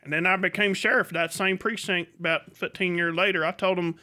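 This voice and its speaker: A man's voice: sits high, steady tone, brisk, bright, forceful tone, pitched below the performer's own voice. A man voicing an old Oklahoma outlaw turned sheriff who brags in a folksy, matter-of-fact way. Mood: bragging.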